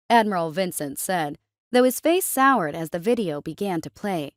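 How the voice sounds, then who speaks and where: A woman narrates a story in an even, steady reading voice at a middle pitch. The sound is dry and close, with no room echo. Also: normal speed.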